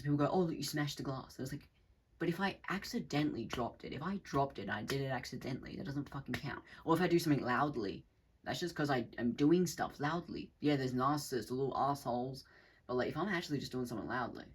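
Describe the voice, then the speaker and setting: A man's voice: mid-range voice, lively intonation, brisk, a little hiss or hum, poor audio. A man talking off the cuff in a casual monologue, rambling with restarts and swearing, now and then acting out other people's voices. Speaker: channel host.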